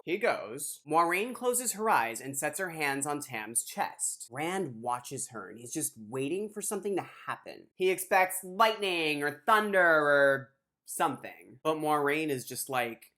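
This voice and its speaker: A woman's voice: deep voice, sing-song, measured pace, a bit bright. Wry woman hosting a comedy recap. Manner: wry, sarcastic asides. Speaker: host. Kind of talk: comedic book recap narration.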